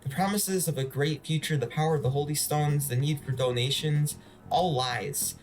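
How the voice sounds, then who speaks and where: A man's voice: a little high, moderate pace, soft background music, lightly acted. A man reading an earnest young fortune teller. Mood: insistent. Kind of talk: voiced reading of game dialogue.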